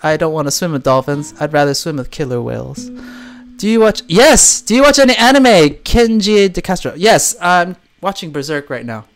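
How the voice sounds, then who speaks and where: A man's voice: on the high side, moderate pace, soft background music. A man hosting a casual livestream, reading comments and joking, laughing often as he talks. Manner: animated, laughs often, jokey. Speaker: livestream host and swim teacher.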